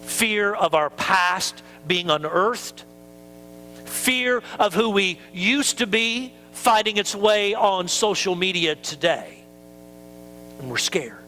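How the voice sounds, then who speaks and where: High, bright-voiced preacher man. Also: expressive, takes it slowly, soft background music, rough recording. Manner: conversational preaching, acts out quoted excuses. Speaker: pastor. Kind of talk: sermon.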